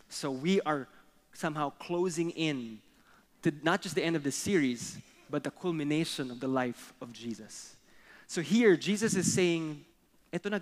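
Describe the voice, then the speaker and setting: A young adult man with a Filipino accent preaching a sermon, mixing English and Tagalog with animated storytelling. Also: fairly high pitch, big-room sound. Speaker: pastor.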